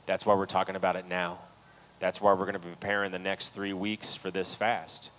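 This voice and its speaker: A man's voice: low-pitched, level tone, brisk, slight background noise, poor audio. Impassioned man preaching a sermon. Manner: impassioned, rises to loud pleading peaks. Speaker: pastor. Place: church sanctuary.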